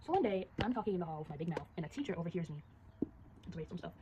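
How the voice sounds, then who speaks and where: A teenage girl chatting casually and rapidly, telling a story while drawing and acting out the voices of the people in it. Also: on the low side, lively intonation, muffled recording, background noise. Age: teens. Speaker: storyteller vlogger.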